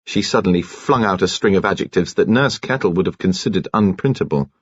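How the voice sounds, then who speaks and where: Brief: low, husky male audiobook reader, dry close sound, dull lo-fi audio. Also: no echo. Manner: measured, even storytelling. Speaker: audiobook narrator. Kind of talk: scripted audiobook narration.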